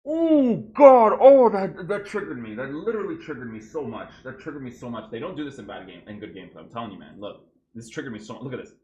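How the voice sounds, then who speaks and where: A man's voice: medium pitch, lively intonation, very fast. A man commentating his own gameplay clips, exasperated and ranting, often checking in with "right?". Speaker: gaming YouTuber reviewing his own clips. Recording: echoey room.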